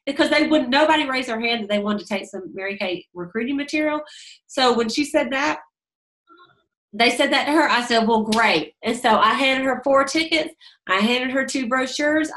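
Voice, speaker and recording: A middle-aged woman gives casual sales advice in a fairly high voice. She tells stories in a chatty way and acts out both sides of conversations, laughing often. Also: normal speed, a bit bright, rough recording. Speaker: beauty sales director.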